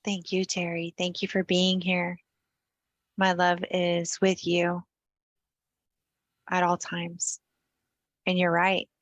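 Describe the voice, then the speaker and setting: A woman hosting an online book reading, speaking slowly and gently to the group. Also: fairly low pitch, monotone, no echo. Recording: dull, distant, lo-fi sound.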